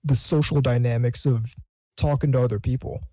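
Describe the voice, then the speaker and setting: A man talking as a guest on a casual podcast, halting and thoughtful, often restarting his sentences. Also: medium pitch, fairly even intonation, darkish tone, no room sound, low-quality recording.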